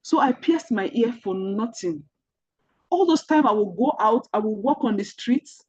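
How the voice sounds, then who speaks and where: A woman's voice: a little high, animated, moderate pace, darkish tone, slightly rough, lo-fi sound. A woman with a Nigerian accent mentoring an online group, telling personal stories earnestly and repeating key points to drive them home. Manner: earnest, repetitive storytelling that speaks directly to listeners.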